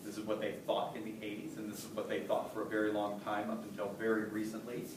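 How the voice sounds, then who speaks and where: A man's voice: fairly low pitch, completely flat delivery, quick pace. A man giving a casual college zoology lecture, quizzing students and often checking with "right?". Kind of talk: classroom lecture. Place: lecture hall. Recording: roomy lecture hall from far off, light noise.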